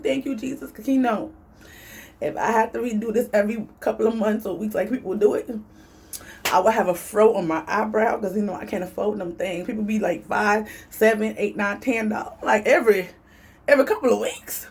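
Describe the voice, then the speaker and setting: A woman telling a story in an animated, chatty vlog. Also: husky. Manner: animated and chatty, big swings in pitch. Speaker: vlogger.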